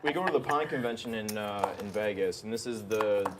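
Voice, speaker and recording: A man telling a rambling anecdote at a poker table, halting and full of fillers. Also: fairly low pitch, distant mic, a crowd in the background. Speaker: poker player.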